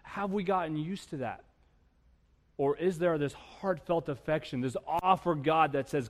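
A man preaching a sermon as pastor, animated and storytelling, with humor and rhetorical questions. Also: a little high, a little slow. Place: church sanctuary. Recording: long reverb of a church hall.

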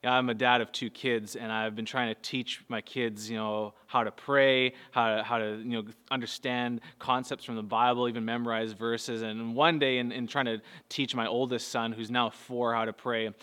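A man, preaching a sermon earnestly, moving between soft low passages and raised, urgent bursts. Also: little pitch movement, normal speed, few pauses, clear, resonant tone. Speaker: pastor. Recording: long hall reverb.

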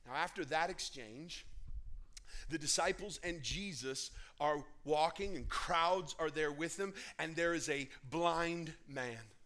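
A man preaching a sermon, dramatic, dropping to near whispers and rising to shouts. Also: on the high side, takes it slowly. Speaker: pastor.

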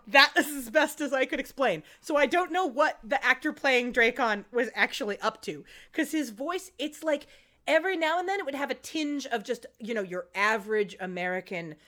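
A woman co-hosting a casual chat show, recapping a TV episode in an animated, playful way with frequent laughs. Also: high-pitched. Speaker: podcast co-host.

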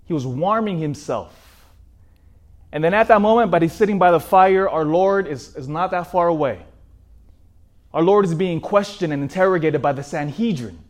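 A man preaching a sermon in an animated way, asking his listeners rhetorical questions. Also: on the high side, normal speed.

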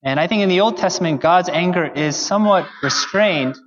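A man delivers an earnest sermon in a conversational way, his voice sitting a bit high. The sound is muffled and carries a long reverb from a large hall. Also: brisk, fairly bright tone. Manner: earnest, conversational preaching with fillers. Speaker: pastor.

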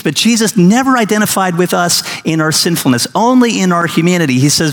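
Man, pastor, middle-aged, sermon, earnest, gravelly, long hall reverb. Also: high voice, expressive, a little fast, hardly any pauses, fairly bright tone. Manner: earnest, asks the congregation questions, acts out little scenes.

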